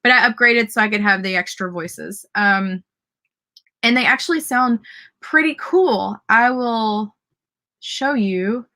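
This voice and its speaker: A woman's voice: a little high, a little slow, pushed and bright. Bubbly Southern woman hosting a live stream. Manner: bubbly and upbeat, cheering viewers on. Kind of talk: casual live-stream chat reading viewer comments.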